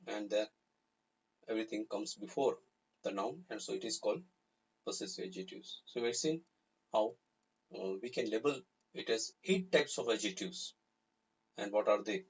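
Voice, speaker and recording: A man teaching a grammar lesson live, explaining slowly and repeating example sentences. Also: on the low side, husky. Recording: slightly dull, lo-fi recording.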